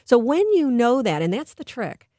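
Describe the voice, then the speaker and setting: A woman's voice: fairly high pitch, very animated, moderate pace, warm tone, no echo. A middle-aged woman speaks earnestly into a studio microphone as a radio interview guest. She explains her ideas with care and slips into livelier voices when she quotes people. The sound is close and dry. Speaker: guest expert on behavior.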